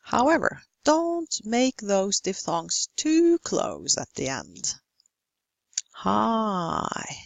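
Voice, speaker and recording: Norwegian woman, English pronunciation teacher, slow and careful delivery, dry close mic. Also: medium pitch, wildly swooping pitch, creaky, dry recording. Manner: slow, careful, demonstrating word lists. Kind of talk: recorded phonetics lesson.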